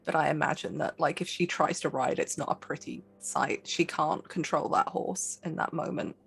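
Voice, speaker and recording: A woman's voice: deep voice, fairly even intonation, normal speed, gravelly, breathy edge, soft background music. A woman playing a tabletop role-playing game, describing her character in earnest, vivid detail. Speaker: player.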